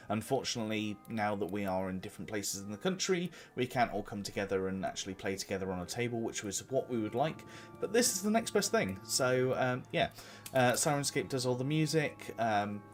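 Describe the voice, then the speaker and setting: A man chatting as a player in a tabletop game. He talks haltingly, with lots of fillers and offhand swearing, and faint music sits behind his voice. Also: lowish voice. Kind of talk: casual chat.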